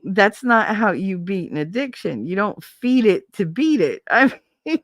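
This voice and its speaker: A woman's voice: medium pitch, animated, unhurried, no echo, studio quality. A woman streamer in casual live-stream chat, rambling and candid, swearing freely and laughing often.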